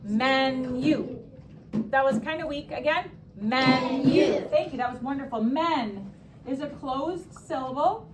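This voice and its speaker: A young woman teaching a classroom spelling lesson, upbeat, stretching words and throwing in quick asides. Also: sits high, background noise.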